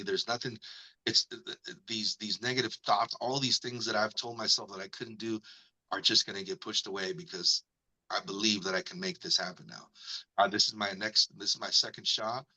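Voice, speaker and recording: Husky, tense-voiced man telling a story. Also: fairly quick, poor audio. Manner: animated, acts out quoted people with jumps in pitch. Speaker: radio personality and guest. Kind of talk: casual storytelling interview.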